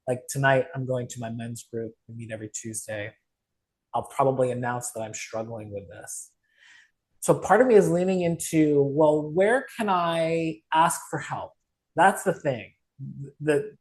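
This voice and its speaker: A man's voice: mid-range voice, rough recording. A man coach in casual conversation, speaking candidly and with emotion about his struggles.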